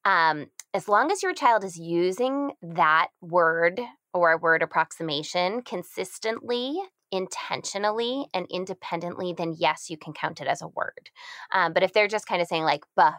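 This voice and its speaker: A woman in her thirties talks through parenting tips in a relaxed chat. She dips into lively, singsong baby talk with high swoops. Her voice sits on the low side and sounds dry and close. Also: dry recording. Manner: acts out baby talk with big pitch swings. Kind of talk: casual advice chat.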